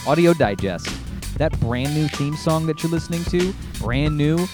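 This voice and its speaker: A man's voice: fairly high pitch, animated, normal speed, over music. A man hosting a casual comic shop podcast, talking with enthusiasm and cursing freely. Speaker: podcast host.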